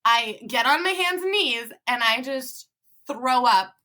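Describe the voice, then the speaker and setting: A woman's voice: a little high, unhurried. A young woman in her twenties, a podcast guest telling a funny story in casual chat, laughing often and acting out what people said. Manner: animated, laughing often, acts out quotes.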